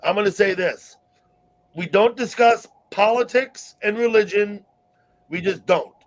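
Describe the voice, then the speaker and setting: A man's voice: high-pitched, measured pace, low-quality recording. A man hosting a casual online group chat, keeping order among the guests. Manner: moderating, calming others down. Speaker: livestream host.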